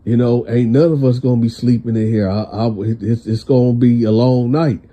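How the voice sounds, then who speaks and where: A man voicing his cautious young cellmate with hesitant, stammering speech in his own dark voice. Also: mid-range voice, fairly even intonation, fairly quick, lightly acted. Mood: wary.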